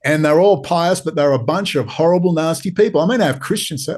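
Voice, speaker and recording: A man with an Australian accent pleads his case as a podcast guest. His voice sits a little high for a man. He drives each point home with urgent repetition. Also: sing-song, quick pace, hardly any pauses. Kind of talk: impassioned interview talk.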